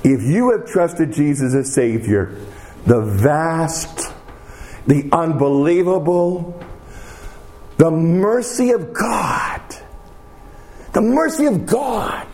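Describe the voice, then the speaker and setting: A man with a high-sitting voice preaches a sermon, repeating key phrases for emphasis. When he prays, he drops to a quiet hush.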